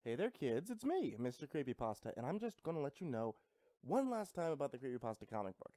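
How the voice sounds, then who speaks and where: A man calmly reading out a scripted first-person story. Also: mid-range voice, fast talker, no room sound. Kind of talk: scripted narration.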